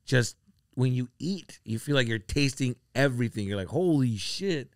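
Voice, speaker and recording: A man on a comedy podcast telling a story casually, acting out his friends' lines with big jumps in pitch. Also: moderate pace, clean tone, dry recording, clean studio sound. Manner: animated, acts out quoted friends with sudden jumps in pitch.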